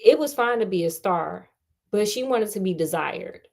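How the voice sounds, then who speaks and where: A woman's voice: medium pitch, animated, moderate pace, gravelly. A woman reading a novel aloud, breaking off often for sassy, joking comments on the characters. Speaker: audiobook reader.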